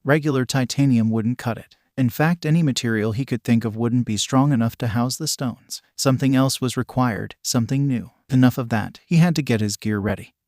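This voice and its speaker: A man narrating a fan fiction story in an even, steady reading voice. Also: mid-range voice, brisk, hardly any pauses, dry recording, clean studio sound.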